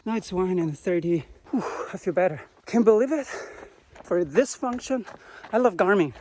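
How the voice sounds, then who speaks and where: A man giving running commentary outdoors in a quiet park while jogging, speaking in short clipped phrases with simple grammar. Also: high voice, a little hiss or hum. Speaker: vlogger testing a running watch.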